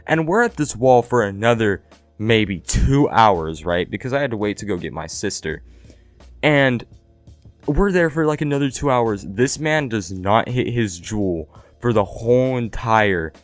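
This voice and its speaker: A man's voice: mid-range voice, lively intonation, normal speed, no room sound. A young man casually telling a story, slangy and profane, with lots of "like" and "right?" fillers. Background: faint background music.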